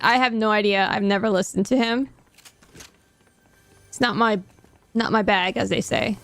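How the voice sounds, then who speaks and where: A woman's voice: medium pitch, normal speed, creaky, long pauses, fairly bright tone, soft background music. A woman streaming a game, chatting casually with her chat in a rambling, self-deprecating way.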